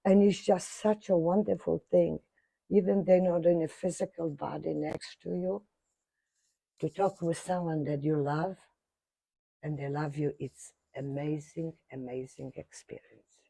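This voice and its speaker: An older woman telling a personal story in animated fashion, acting out other people's voices, with non-native grammar. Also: deep voice, a little slow, creaky, breathy edge, no room sound. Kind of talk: animated anecdote.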